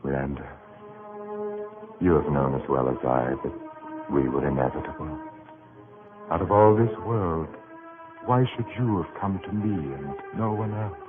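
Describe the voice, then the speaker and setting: An actor playing a brooding aristocratic lord of a manor in a 1940s radio play, speaking in an intense, low manner. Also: male voice, measured pace, pauses often, music in the background. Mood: impassioned. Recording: tinny lo-fi 1940s radio broadcast.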